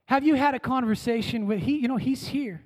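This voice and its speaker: A man preaches with a bright, high-pitched voice, leading his congregation in call-and-response. He moves between strong, emphatic lines and soft, hushed phrases. His voice rings out in a church with a long, lingering reverb. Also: fairly quick. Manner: dynamic, swinging from emphatic calls to hushed words. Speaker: pastor. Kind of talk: sermon. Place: church sanctuary.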